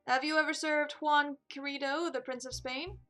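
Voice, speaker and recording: Brief: a woman voicing a calm, measured falcon lawyer in a game, bright voice. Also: sits high, soft background music, voice pushed up. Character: composed male falcon defense attorney.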